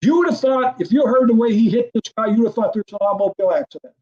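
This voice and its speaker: A man's voice: extremely high pitch, racing, highs cut off. An older man, a former football coordinator, telling a story as an interview guest and acting out the dialogue. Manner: animated storyteller, acts out quoted dialogue, laughs often.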